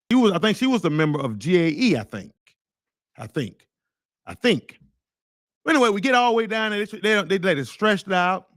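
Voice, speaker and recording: Man, rambling, heated, blunt, slightly high-pitched, dry recording. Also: no room sound. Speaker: teachers' association leader. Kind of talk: casual storytelling monologue.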